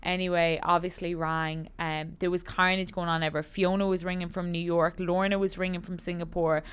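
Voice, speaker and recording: A young woman tells a story on her podcast, slipping into the voices of the people in it. Her voice sits a little low and sounds smooth and clear. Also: fairly quick. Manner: animated storyteller acting out quoted voices. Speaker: podcast co-host. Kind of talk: casual storytelling chat.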